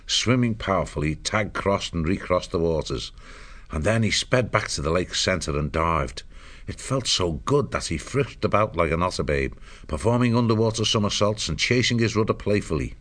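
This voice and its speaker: A man narrating an audiobook chapter in a measured storytelling delivery. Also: low-pitched, lively intonation, fairly bright tone.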